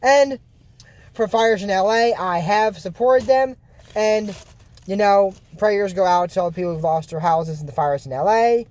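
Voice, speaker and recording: Mellow-voiced man, rambling recap. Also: high voice, moderate pace. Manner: loose, meandering retelling with frequent restarts. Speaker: YouTuber recapping cartoon episodes.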